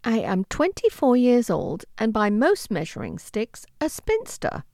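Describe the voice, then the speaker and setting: A woman's voice: huge pitch swings, measured pace, vocal fry, no echo, studio quality, exaggerated voice. A woman reading an audiobook, voicing a determined young woman of twenty-four in an earnest, pleading tone. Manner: earnest and pleading, higher and brighter than the narration. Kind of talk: audiobook character voice.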